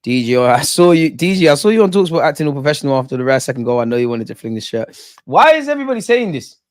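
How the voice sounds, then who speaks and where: A man hosting a live football watch-along, chatting in excitable, slangy banter with his viewers. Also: mid-range voice, very fast, no room sound. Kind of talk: live fan commentary and chat.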